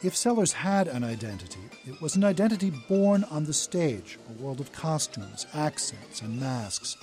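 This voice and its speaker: A man giving measured, scripted documentary narration. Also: fairly high pitch, a little mellow.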